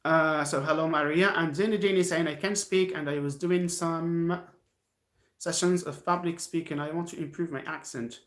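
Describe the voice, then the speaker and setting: A man with an Algerian accent teaches English on a live stream from home, encouraging his viewers and circling back over the same points. His voice sits a little high for a man. The room around him is echoey. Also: steady tone, normal speed, fairly bright tone. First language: Algerian Arabic. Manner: encouraging, repeats himself, answers chat.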